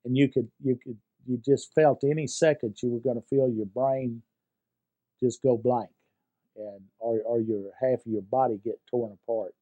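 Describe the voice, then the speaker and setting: Halting older man with a drawl. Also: medium pitch, steady tone, dark tone, highs cut off. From United States. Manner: halting, many fillers and repeated words. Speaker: veteran interviewee. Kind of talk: personal war recollection.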